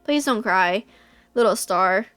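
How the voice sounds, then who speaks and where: A woman voicing a gentle young male magician who speaks softly and a little slurred. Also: expressive, slow, clear, resonant tone, no echo, soft background music. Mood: tender. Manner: low, soft and slurred, calling her princess.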